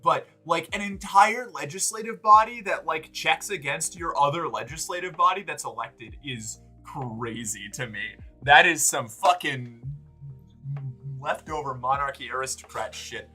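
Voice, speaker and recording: Man streaming, casual rambling chat, sweary, very bright tone, faint music behind. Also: fairly high pitch, unhurried, breathy edge. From United States. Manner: rambling, swears freely, many fillers and restarts. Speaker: streamer chatting with viewers.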